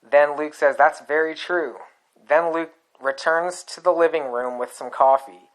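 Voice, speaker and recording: A man narrating a screenplay aloud in a plain, unhurried, deadpan way. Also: a little high, poor audio.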